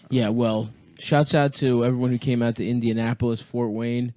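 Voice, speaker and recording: A man co-hosting a comedy podcast in casual chat, playful and quick to jump in with asides. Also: medium pitch, little pitch movement, mellow, dry recording. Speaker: podcast co-host.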